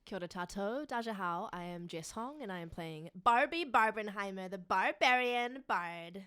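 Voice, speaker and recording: A woman's voice: mid-range voice, animated, normal speed, fairly bright tone, clean tone. A playful, giggly woman playing her character in a tabletop game. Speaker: player.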